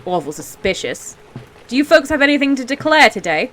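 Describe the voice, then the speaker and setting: A woman's voice: high voice, sing-song, brisk, fairly bright tone, faint music behind. A woman voicing a stern, suspicious female border guard in a game, barking orders and accusations.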